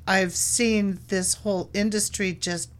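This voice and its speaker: A woman guest in a casual talk show, pitched in the middle range. She speaks in an easygoing way and pauses often with ums and uhs. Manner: relaxed, hesitant, many ums. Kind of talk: casual chat.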